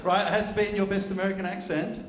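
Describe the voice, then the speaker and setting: An event host with a high-pitched voice emcees a live audience show in an event function room, teasing and bantering with guests and the crowd. His delivery is flat and very fast, and crowd noise fills the echoey hall.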